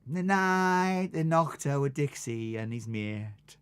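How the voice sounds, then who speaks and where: Older man, livestream muso host, bright voice, rambling and chatty between songs. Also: mid-range voice, lively intonation, slow, clear, resonant tone. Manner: chatty, rambling, laughs at his own stories. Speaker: live stream musician host. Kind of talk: casual storytelling between songs.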